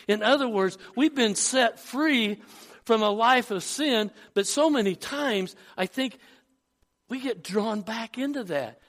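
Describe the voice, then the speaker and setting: High-voiced man preaching a sermon. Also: expressive, unhurried, fairly bright tone. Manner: storytelling with repeated restarts, rising to fervor when quoting. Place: church.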